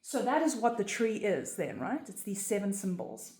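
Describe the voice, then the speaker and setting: A woman's voice: mid-range voice, very animated, moderate pace, darkish tone. A woman explaining a home ritual in a casual, earnest way, often checking in with "right?". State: emotional, near tears. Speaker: spiritual teacher. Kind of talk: casual instructional talk. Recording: echoey room.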